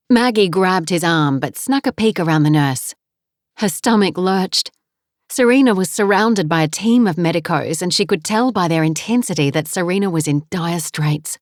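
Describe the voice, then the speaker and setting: A woman reading a novel aloud in a measured, steady way. Her voice sits slightly low. The recording is close and dry, with no room sound. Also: no room sound. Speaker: audiobook narrator. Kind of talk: scripted narration.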